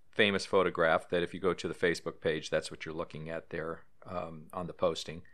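A man with a very low voice hosts a podcast. He reads history and trivia aloud at an easy pace and drops in offhand comments. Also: a bit bright. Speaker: podcast host. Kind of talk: casual podcast narration.

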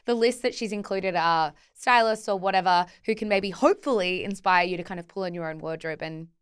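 A young woman co-hosting a podcast tells stories in relaxed conversation, animated and laughing often. Her fairly low, clear, resonant voice moves fairly quickly in a dry, studio-quality recording.

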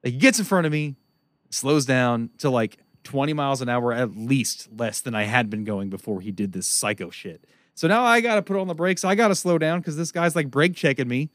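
A man telling a long story as a podcast co-host, profane and animated, laughing often. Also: mid-range voice, fairly quick, no room sound. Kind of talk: casual storytelling chat.

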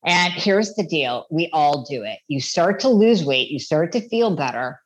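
A woman's voice: low-pitched, normal speed, dull audio. A woman, a doctor hosting her own podcast, talking casually and animatedly while recording outdoors on her phone. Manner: chatty, animated, voices her listeners' inner thoughts. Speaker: podcast host and thyroid doctor.

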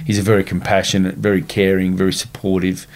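A man's voice: deep voice, completely flat delivery, fast. A middle-aged Australian man, a former boxer, chatting as a podcast guest, blunt and swearing freely as he tells stories. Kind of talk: casual podcast chat.

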